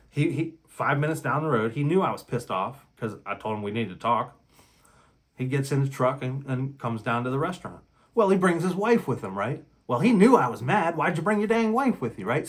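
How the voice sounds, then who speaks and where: A man's voice: medium pitch, slightly rough. A man hosting a relationship talk channel, speaking in a blunt, heated casual monologue and acting out quotes as he tells his story.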